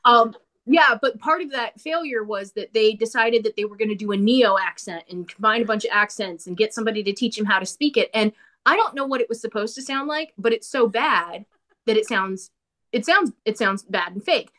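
Woman, casual movie chat, opinionated, lively asides, somewhat high voice. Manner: animated, opinionated, quick asides.

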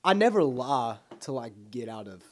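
A man's voice: mid-range voice, big pitch swings, moderate pace. A young man co-hosting a podcast, laid-back and slangy in casual chat, laughing along. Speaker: podcast co-host.

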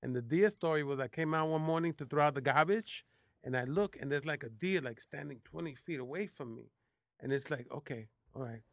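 A man from New City, a guest telling animated, profane stories with lots of restarts. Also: on the high side, a little fast, creaky, dry recording, clean studio sound. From New York City. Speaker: guest actor. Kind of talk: casual interview storytelling.

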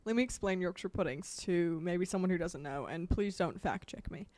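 A woman co-hosting a casual podcast chat, her accent a blend of British and American. She talks in animated, rambling bursts with plenty of laughs and asides. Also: fairly low pitch, moderate pace, no echo. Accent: mixed British and American. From England. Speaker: podcast co-host.

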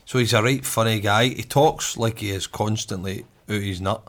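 A man's voice: lowish voice, moderate pace. Glaswegian man telling a story. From Glasgow, Scotland. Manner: animated storyteller, laughs often, swears freely. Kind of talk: casual storytelling chat.

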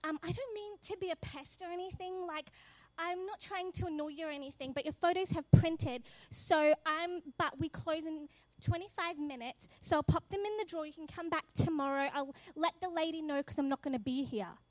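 A woman telling a faith testimony in a lively way, acting out the dialogue and often laughing. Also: very high-pitched, brisk, no echo. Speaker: speaker sharing a testimony. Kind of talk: animated personal testimony.

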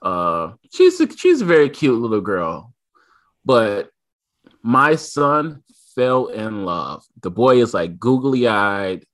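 A man's voice: fairly low pitch, huge pitch swings, slow pace, fairly bright tone. A man in his thirties, a podcast co-host, telling a family story in casual chat and acting out his son's lines.

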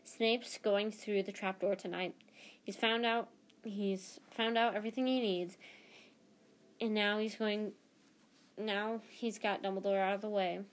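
A woman's voice: mid-range voice, steady tone, a little slow, natural voice. A frantic young schoolboy wizard, read by a woman, urgent and anxious. He pushes his words out in a hurry, a storybook hero in trouble.

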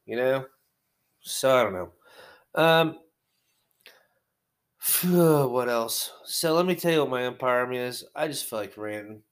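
A man's voice: mid-range voice, a little slow, long pauses. A man with a wargaming hobby, talking at home in a rambling, profane, conversational monologue.

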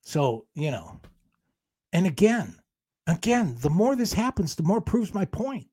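A male talk show co-host in a heated on-air argument, defensive and combative, breaking into fast rants. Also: sits high, sing-song, warm tone, slightly rough, no room sound.

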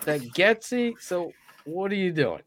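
Slow-talking profane sports ranter, man. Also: high-pitched, big pitch swings, a bit bright, a little hiss or hum. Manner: heated, profane, storytelling rants. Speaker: podcast co-host. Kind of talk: casual sports talk show. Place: podcast studio.

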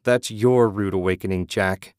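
A man reading an audiobook, voicing a young man shouting scornful defiance. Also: sits low, steady tone, moderate pace, clean tone, no echo, studio quality, lightly acted. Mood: defiant.

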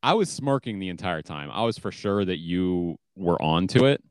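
A man with a lowish voice hosting a podcast, talking in a relaxed and amused way. The recording is dry and close. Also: moderate pace, clear, resonant tone, no room sound. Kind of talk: casual chat.

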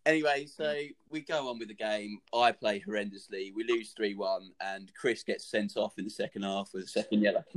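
A young man telling a funny anecdote in a casual, animated, sweary way, laughing along as he goes. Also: on the low side, measured pace.

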